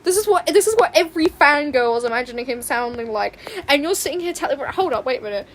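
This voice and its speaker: A young woman chatting on a livestream while she draws, excitable and rambling, often squealing and laughing. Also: sits high, fast talker, slight background noise. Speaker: livestreaming artist. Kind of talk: casual stream chat while drawing. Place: home room with open window.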